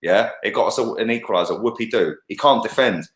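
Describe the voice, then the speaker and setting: A man's voice: lowish voice, fast talker, fairly bright tone, roomy sound. A man giving blunt, heated football opinions, peppered with "yeah" and "bruv". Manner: blunt, sweary, keeps saying "yeah" and "bruv". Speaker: co-host football pundit.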